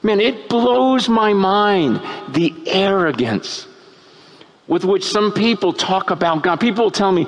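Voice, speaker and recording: Animated preacher swinging from hush to shout. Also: male voice, high voice, takes it slowly. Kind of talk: sermon. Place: tent meeting.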